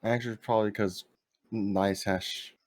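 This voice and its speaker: A man on a stream's voice chat, talking loudly and repetitively, complaining in casual chat. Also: fairly low pitch, steady tone, normal speed, no room sound, clean studio sound. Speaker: guest on voice chat.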